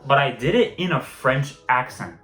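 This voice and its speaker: A man's voice: medium pitch, lively intonation, normal speed, fairly bright tone. A young man telling a casual story, rambling and swearing often. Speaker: vlogger. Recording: roomy echo, faint music behind.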